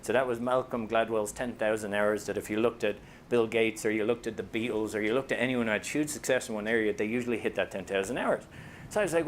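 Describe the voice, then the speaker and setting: A man's voice: on the low side, quick pace, slight background noise. A man with an Irish accent giving a comic, self-deprecating talk as an author, telling stories to an audience. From Ireland. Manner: self-deprecating, joking storyteller.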